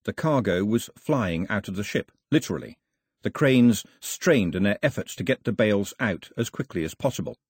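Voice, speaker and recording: A man narrating an audiobook in an expressive storytelling manner. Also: fairly low pitch, moderate pace, breathy edge, no echo.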